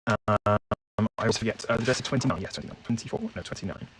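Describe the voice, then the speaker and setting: A man's voice: on the low side, huge pitch swings, racing, fairly bright tone, a little hiss or hum. A man playing a detective board game alone, reading the case aloud and musing hesitantly over the leads. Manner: hesitant, musing, many fillers. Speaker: solo game player and narrator.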